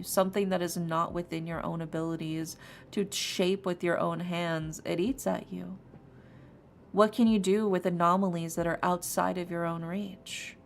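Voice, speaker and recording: A woman streamer reading tarot cards for her chat in a put-on sultry voice, low, slow and half-whispered. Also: gravelly, slight background noise. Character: sultry, seductive female tarot reader. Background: soft lo-fi music.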